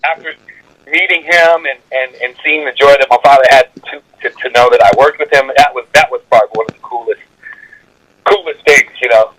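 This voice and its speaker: A male comedian telling stories in an interview, energetic and animated, often laughing as he talks. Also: medium pitch, fairly quick, poor audio. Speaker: comedian guest. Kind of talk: animated storytelling.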